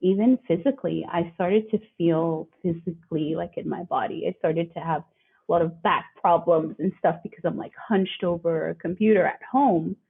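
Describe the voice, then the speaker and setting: A woman's voice: on the low side, moderate pace, vocal fry, husky. A woman guest speaking earnestly and reflectively in a conversational interview, often acting out what others said. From living in Australia. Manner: reflective, earnest, quotes others in lively voices. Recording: phone-like remote call audio.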